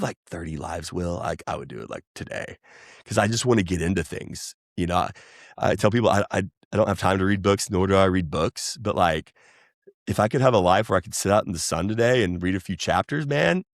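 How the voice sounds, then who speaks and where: A man, chatting casually as a podcast guest, rambling and animated. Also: fairly low pitch, no echo, studio quality. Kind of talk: casual chat.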